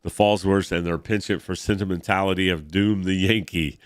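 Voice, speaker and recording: A cold, scheming vampire villain, played by a man reading a comic. His voice is very low and smooth, recorded dry and close. He speaks slowly and with menace. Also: steady tone, dry recording, close to an everyday voice. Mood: menacing.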